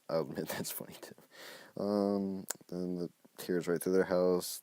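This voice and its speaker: Man, very low voice, dry close sound, phone live stream, casual comic reading, self-mocking jokes. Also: fairly even intonation, a little slow, warm tone, dry recording. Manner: jokey, self-mocking asides. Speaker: reader of his own comic.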